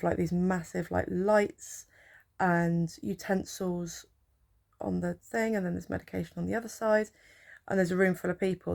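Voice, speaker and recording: Young woman, low-ish gravelly voice, chatty rambling storytelling, drowsy from painkillers. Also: darkish tone. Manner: chatty, rambling, with filler words. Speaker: healthcare support worker. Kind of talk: casual storytelling vlog.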